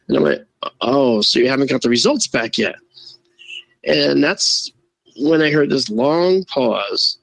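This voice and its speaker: A man guest telling a casual, animated story and acting out the quoted voices. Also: mid-range voice, measured pace, gravelly, dry recording, rough recording. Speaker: guest, astronomer and photo-video analyst.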